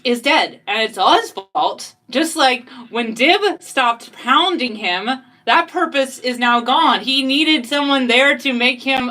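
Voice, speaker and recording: A woman's voice: sits high, bright, forceful tone. A young woman writer chatting casually and rambling with lots of fillers and giggles. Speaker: fan fiction author, host. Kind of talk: casual review chat.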